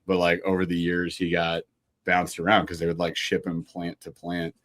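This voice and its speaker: A man's voice: low-pitched, monotone, normal speed, a bit bright. A man in his thirties from Ohio, chatting casually as a podcast guest, laughing often and joking about himself. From Ohio, USA. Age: 30s. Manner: laughs often, self-deprecating, loose. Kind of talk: casual chat.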